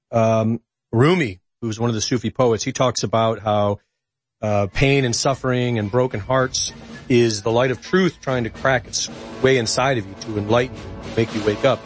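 Animated man with a dry, close sound. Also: medium pitch, moderate pace, dry recording, faint music behind. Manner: animated storyteller, hesitant fillers. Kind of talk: casual political chat.

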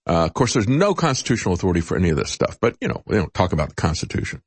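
A man's voice: rapid-fire, few pauses, breathy edge, no echo. A man hosting a political talk show, giving opinionated commentary with sarcasm and mocking voices when he quotes others. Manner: animated, rising pitch in quotes.

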